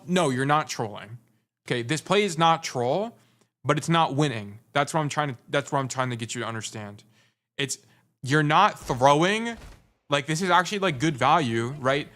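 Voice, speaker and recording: A man's voice: medium pitch, a bit bright. A young adult man giving casual gameplay review commentary as a coach, blunt and teasing, repeating his points for emphasis. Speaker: game coach.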